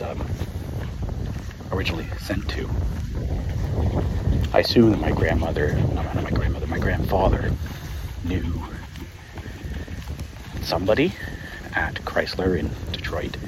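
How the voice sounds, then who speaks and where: Very low-voiced man rambling on a walk. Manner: chatty, laughs often, many fillers. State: out of breath while walking. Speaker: podcast host. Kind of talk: casual rambling monologue. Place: outdoors walking a dog. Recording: outdoor field recording with noise. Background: dog and outdoor ambience.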